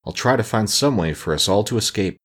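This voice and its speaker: A man voicing a calm, whimsical straw scarecrow king in a storybook reading, with an unhurried, mildly lofty manner. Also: fairly low pitch, slightly rough. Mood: calm, musing. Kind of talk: audiobook character reading.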